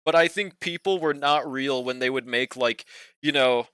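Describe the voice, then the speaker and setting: A man's voice: medium pitch, normal speed, a bit bright, clear, resonant tone, no room sound. Laid-back young gamer guy, dry close mic. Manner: laid-back, slangy, swears, laughs often, trails off. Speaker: game streamer. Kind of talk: casual livestream chat while gaming.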